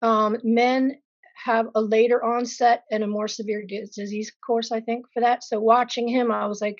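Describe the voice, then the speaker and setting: A woman's voice: on the high side, level tone, normal speed, no room sound, muffled recording. A woman being interviewed as a patient, speaking frankly and vividly about her own illness with self-deprecating asides. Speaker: patient sharing her story. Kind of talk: candid personal interview.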